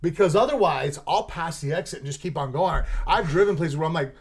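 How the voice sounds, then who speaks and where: Middle-aged guy on a podcast, talks a bit high, lively and laughing, swears a lot. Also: fairly quick, husky. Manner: animated, swearing, laughs often. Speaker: guest fighter. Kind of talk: casual podcast chat.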